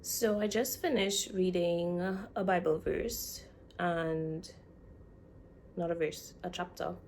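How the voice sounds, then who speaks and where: A woman's voice: on the low side, fairly even intonation, takes it slowly, darkish tone, slight background noise. A young woman vlogging in a casual, chatty way, speaking straight to her viewers. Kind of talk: casual chat.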